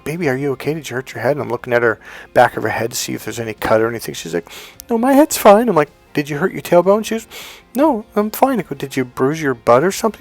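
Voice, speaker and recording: A middle-aged man telling personal stories as a motivational speaker, swinging from fired-up to low and hushed and swearing freely. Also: no room sound. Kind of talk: storytelling monologue.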